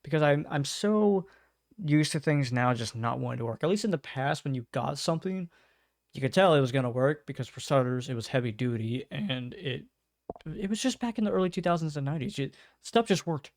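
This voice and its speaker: A man's voice: mid-range voice, lively intonation, a little fast, no echo. Laid-back man riffing on memes, dry sound. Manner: laid-back, swears freely, chuckles often. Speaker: meme reaction host. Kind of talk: casual meme reaction commentary. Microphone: own desk microphone.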